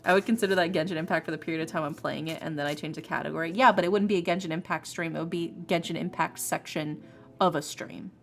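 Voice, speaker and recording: Woman streamer, lowish voice, animated and opinionated, laughs a lot, faint lofi music behind. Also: fast talker. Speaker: streamer, ASMR creator. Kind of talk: casual chat on a livestream.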